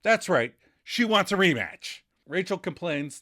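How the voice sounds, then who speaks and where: A man's voice: high voice, unhurried. A man co-hosting a podcast, recapping scenes in casual chat and acting out the quoted lines. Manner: acts out quoted lines with lively voices. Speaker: podcast co-host.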